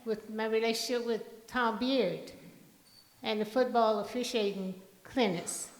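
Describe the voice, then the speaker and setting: Older woman telling stories, slow. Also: fairly high pitch, steady tone. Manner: storytelling, slow and deliberate. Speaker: eulogy speaker. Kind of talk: memorial tribute speech. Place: large hall. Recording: echoey hall, voice from far off.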